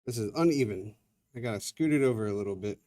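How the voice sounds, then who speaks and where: Fast-talking and mellow, with a fairly low pitch and lively intonation, a man narrates his own hands-on work during a casual live stream. He chats as he walks around an indoor room with a carpet.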